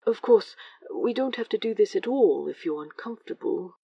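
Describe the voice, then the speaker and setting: A woman voicing a gentle, affectionate man who speaks softly and coaxingly, at times in a whisper, in a fan audio drama. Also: mid-range voice, lively intonation, moderate pace, gravelly, breathy edge, no room sound, far from the mic, highs cut off. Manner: soft, tender, sometimes whispered.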